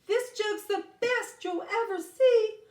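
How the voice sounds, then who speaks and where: Woman doing a shrill, cawing trickster crow. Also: slow pace, a little mellow. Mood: eager. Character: cawing, sly crow prankster. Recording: roomy sound from a distant mic.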